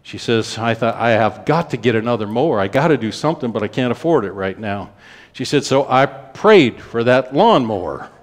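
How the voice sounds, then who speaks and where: Man, preacher, folksy storytelling, mid-pitched voice. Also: lively intonation. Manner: folksy storyteller retelling a woman's testimony, quick runs slowing for emphasis. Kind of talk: storytelling sermon.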